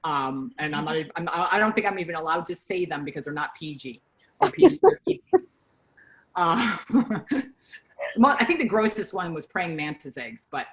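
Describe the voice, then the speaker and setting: A woman's voice: sits low, normal speed, poor audio. A middle-aged woman giving a casual training talk to her sales team, chatty and full of stories and asides. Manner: chatty, animated storytelling with asides.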